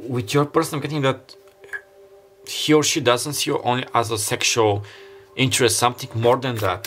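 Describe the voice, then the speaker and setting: A man of medium pitch and slightly bright tone does a pick-a-card tarot reading, with a little hiss or hum in the recording. He rambles in an earnest, openly emotional way, repeatedly stopping to start over and using "like" heavily.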